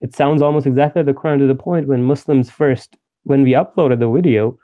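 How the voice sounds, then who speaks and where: A man hosting a casual podcast chat, explaining at length with hesitant pauses. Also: mid-range voice. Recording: dull lo-fi audio.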